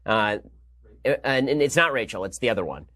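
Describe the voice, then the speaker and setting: A man in his thirties hosting a political podcast, delivering a fast, sarcastic, argumentative monologue. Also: lowish voice, lively intonation, pushed and bright, slightly rough. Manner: rapid-fire, sarcastic, argumentative. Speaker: political commentator and podcast host.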